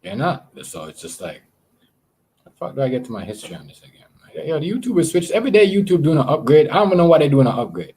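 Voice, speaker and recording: A man's voice: fairly high pitch, sing-song, fast, darkish tone, slight background noise. A man chatting casually on a livestream, rambling and swearing, often repeating words as he talks to his viewers. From Canada. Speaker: live streamer.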